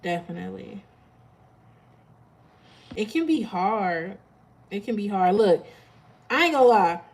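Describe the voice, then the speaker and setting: A woman's voice: mid-range voice, expressive, a little slow, rough recording. A woman hosting a live tarot stream, chatting casually with her viewers and laughing often.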